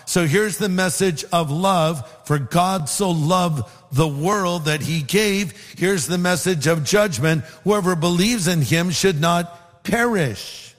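A middle-aged man, a pastor, delivers an earnest sermon and slows down to stress scripture verses. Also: high-pitched, big-room sound, faint music behind.

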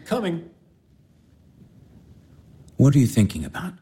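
A man's voice: fairly high pitch, huge pitch swings, a little slow, mellow, slightly rough, exaggerated voice. A man playing an ardent young baron. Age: young adult. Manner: earnest and ardent. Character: earnest young baron in love. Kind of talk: stage-play radio acting.

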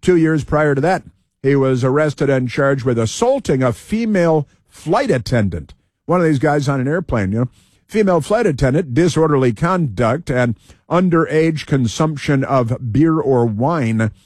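Male commentator, sarcastic, rambling, lots of fillers, dry room, middle pitch. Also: animated, moderate pace, darkish tone, no echo. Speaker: political commentary host. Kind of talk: casual commentary reading news aloud.

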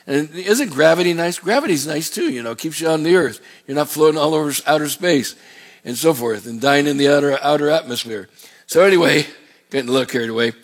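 Folksy higher-voiced male pastor preaching. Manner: folksy, digressive, with asides and repeated words. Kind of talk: sermon.

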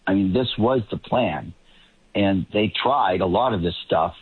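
Boston guy commenting on politics over a phone line, tinny and dry, husky. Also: deep voice, a little slow, no echo. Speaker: panel guest, political commentator. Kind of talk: talk radio commentary.

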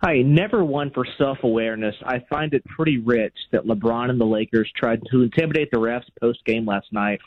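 A man's voice: mid-range voice, brisk, few pauses. A man calling in to a radio show with a sarcastic complaint. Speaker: caller. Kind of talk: phoning in to radio. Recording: tinny phone line.

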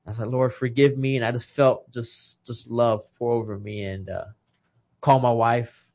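A man in his thirties, a retired boxer appearing as a guest on a casual podcast, tells a personal story with real feeling and acts out what other people said. His mid-range voice is steady and slightly mellow, moving at a moderate pace.

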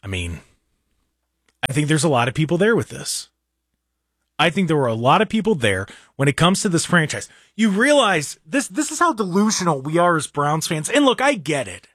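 A man's voice: on the high side, very animated, normal speed, a bit bright, husky, no room sound, clean studio sound. A man hosting a talk show, delivering a heated, exasperated rant with frequent stammering restarts and mocking jabs.

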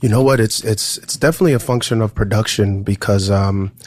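A man's voice: lowish voice, fairly quick, a little mellow. A man being interviewed as a musician, talking earnestly and emphatically, often restarting his sentences. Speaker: musician guest. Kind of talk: casual interview talk.

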